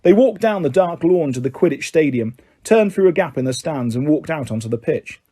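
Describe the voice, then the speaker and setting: A male audiobook narrator reading a novel in steady, measured storytelling. His voice sits a bit high for a man yet sounds mellow and warm. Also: breathy edge. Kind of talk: scripted narration.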